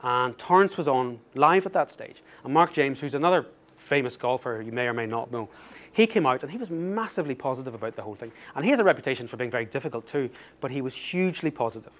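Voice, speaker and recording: A man giving a talk as an author, telling an anecdote in a lively, self-mocking way and laughing through the story. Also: mid-range voice, quick pace.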